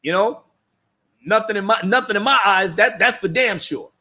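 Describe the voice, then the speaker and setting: A man hosting a livestream, ranting loudly in slangy casual commentary, often laughing and restarting his words. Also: high voice, normal speed. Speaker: livestream host.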